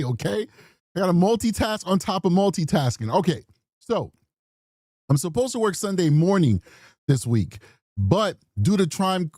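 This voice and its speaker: A man's voice: fairly high pitch, dark tone, no echo, clean studio sound. A man hosting a true crime show in casual, rambling commentary, chatty with apologetic asides. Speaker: true crime podcast host.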